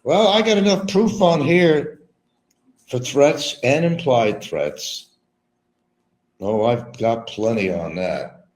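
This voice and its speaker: A middle-aged man ranting bitterly on a livestream, repeating himself, mocking others and swinging between low mutters and loud outbursts. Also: lively intonation, slow pace, long pauses. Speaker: livestream host. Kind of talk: rambling livestream rant.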